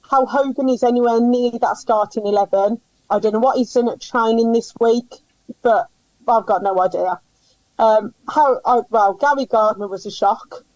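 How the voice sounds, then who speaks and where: Brisk opinionated woman talking football. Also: mid-range voice, darkish tone, no room sound, highs cut off. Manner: brisk, opinionated, lots of ums. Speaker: podcast panelist giving match feedback. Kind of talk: casual football chat.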